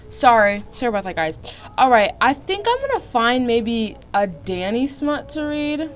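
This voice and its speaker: Reading fan fiction aloud into her phone, a young woman speaks at normal speed in a high-ish, sing-song voice. She's giggly and rambling, constantly interrupting herself with remarks, with faint music behind a low-quality recording.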